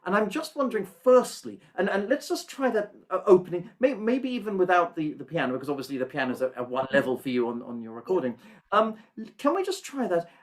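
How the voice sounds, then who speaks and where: A man teaching an online singing masterclass over a video call, gentle and thoughtful, searching for words and humming rhythms to demonstrate. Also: high voice, big pitch swings, quick pace.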